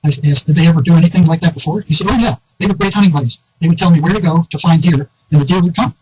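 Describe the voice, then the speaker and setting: A quick-talking man recounting an anecdote in a relaxed online conversation. His voice sits a little higher than most men's, and the words come fast. Faint background noise runs under the recording. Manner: animated anecdote teller, quotes others, laughs often. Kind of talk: casual storytelling conversation.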